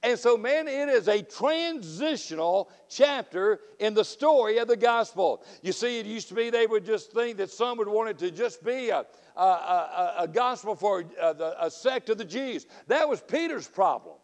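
A middle-aged man with a Southern accent preaches at a revival, his raised voice ringing through the long echo of a church sanctuary. He tells folksy stories and swings from loud, fiery outbursts to quiet, dry asides. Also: high-pitched, expressive, normal speed, few pauses. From Florida. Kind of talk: revival sermon with storytelling.

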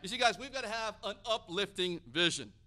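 An American man preaching a sermon, energetic and building to loud, emphatic peaks. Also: high voice, brisk.

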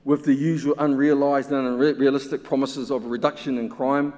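A man speaks at a symposium with blunt, emphatic conviction. His voice sits at an ordinary middle pitch. It rings out with a long reverb trail through a large hall. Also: little pitch movement, brisk, warm tone. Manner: impassioned and emphatic, with pointed rhetorical questions. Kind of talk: conference talk.

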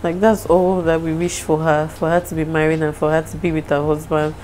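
A woman's voice: deep voice, flat delivery, brisk, darkish tone, a little hiss or hum, poor audio. A young Nigerian woman with a Nigerian accent talking casually to the camera in a home vlog, openly emotional and apologetic. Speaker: vlogger.

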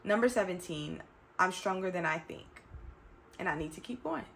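Low gravelly woman, 30s, chatty and emphatic, vlogging to her viewers. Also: expressive, moderate pace, a bit bright, a little hiss or hum. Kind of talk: reflective casual talk to camera.

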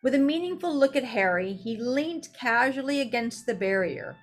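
A woman reads a novel aloud at a steady pace and now and then breaks off for relaxed, chatty asides. Her voice sits a little high. Soft music plays faintly behind her. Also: moderate pace. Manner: casual, chatty asides between passages. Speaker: reader.

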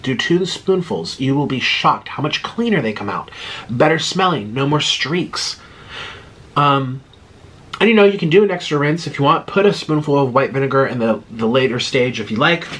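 A man's voice: medium pitch, moderate pace, a bit bright, slightly rough. A man in his thirties talking casually and breathlessly to camera, chatty and digressive with lots of fillers. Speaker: mukbang vlogger. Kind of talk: casual rambling monologue.

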